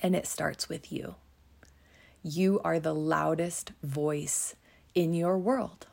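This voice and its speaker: A woman talks slowly and gently, her lowish voice carrying a gravelly edge. She hosts a reflective self-help podcast, encouraging the listener and at times softening into a whisper. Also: fairly even intonation. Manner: slow, soothing and encouraging, dropping to a whisper at times. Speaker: podcast host.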